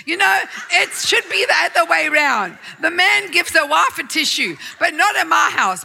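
Bright, high-voiced woman preacher telling stories. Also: animated, moderate pace, gravelly. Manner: chatty and laughing, self-mocking asides. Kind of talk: storytelling sermon.

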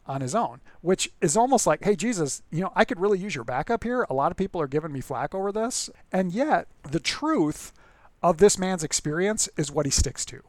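A man's voice: fairly high pitch, dry recording. A man preaching as a pastor in a casual, conversational way, often restarting words and acting out the people in the story. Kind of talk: conversational sermon.

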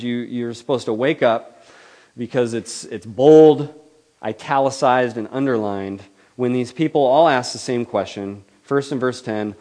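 A man's voice: medium pitch, a little mellow. A man preaching a sermon in a conversational, questioning way, often acting out the voices he quotes.

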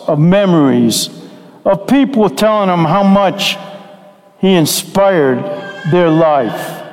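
Man preaching, slightly high voice, long echo of a big hall, slow deliberate storytelling. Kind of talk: sermon with storytelling.

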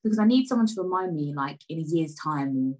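A woman talks casually to camera while sipping tea, her voice sitting on the low side. She rambles from one thought to the next. She swings from loud, excited outbursts to quiet, muttered asides. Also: fast talker, poor audio. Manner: sips tea while talking. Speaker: vlogger.

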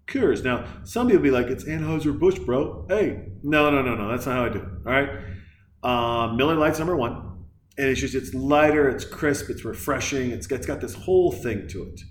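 A man rambling through a comedic movie recap, profane and excitable, jumping from point to point. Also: mid-range voice, normal speed, reverberant, a little hiss or hum. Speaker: movie reviewer.

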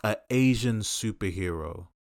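A man hosting a casual chat podcast, talking in a passionate and opinionated way with quick asides. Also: fairly low pitch. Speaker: podcast host.

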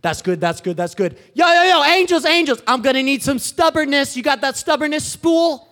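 A preacher voicing Jesus as a playful male creator who calls out excitedly to his helper angels. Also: very high-pitched, normal speed, heavily acted. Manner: playful and bossy, calling to helpers.

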